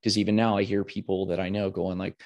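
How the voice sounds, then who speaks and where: A man with a fairly low voice talks candidly in a podcast monologue. He speaks in an earnest, rambling way, often restarting his sentences. He grows animated when he quotes other people. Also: fast talker, muffled recording. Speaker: podcast host.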